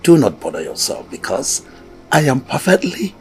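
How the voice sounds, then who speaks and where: A man's voice: mid-range voice, sing-song, faint music behind. An actor with a Nigerian accent playing a king speaking fondly to his daughter. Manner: slow, gravelly, affectionate.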